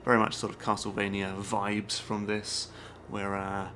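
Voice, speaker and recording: A man's voice: lowish voice, completely flat delivery, normal speed, background noise. A man on a live stream playing a game, reading its on-screen text aloud and dropping joking asides between lines. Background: game music.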